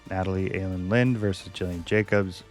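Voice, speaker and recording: Low-voiced man chatting casually. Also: steady tone, fairly quick, faint music behind. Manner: thinks aloud, hesitant, chatty. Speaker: video host. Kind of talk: casual chat.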